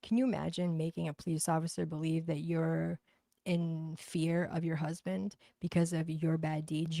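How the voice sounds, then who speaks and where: A woman's voice: deep voice, vocal fry, mellow, no room sound. A woman with a thick Boston accent chatting bluntly and profanely on a livestream, reading out comments. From Boston, USA. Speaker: livestream host.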